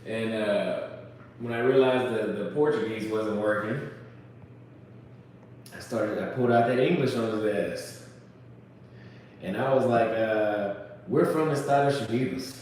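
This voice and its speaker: A man from the United States casually telling a travel story, swearing and acting out shouted quotes. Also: lowish voice, a little slow, pauses often, a little hiss or hum. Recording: very echoey room, voice from far off.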